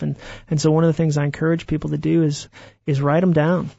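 A man, an author being interviewed, telling stories in an animated way and acting out the voices he quotes. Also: a little high, fast, gravelly, no room sound, muffled recording. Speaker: author guest. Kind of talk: interview conversation.

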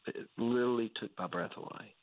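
A man's voice: medium pitch, fairly quick. A man telling an earnest personal story as a guest, talking casually with many restarts. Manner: earnest, full of fillers and restarts. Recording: tinny phone-like line.

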